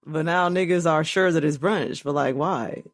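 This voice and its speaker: A woman from Los Angeles co-hosting a podcast in casual chat. She is animated, laughs often and swears freely. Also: sits low, moderate pace. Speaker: podcast co-host.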